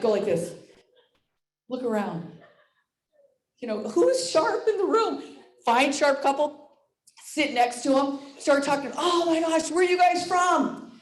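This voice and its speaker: High-voiced, excitable woman in her sixties. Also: measured pace, echoey room. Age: 60s. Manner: excitable, loud, laughs often. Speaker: presenter at a sales meeting. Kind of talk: energetic motivational storytelling.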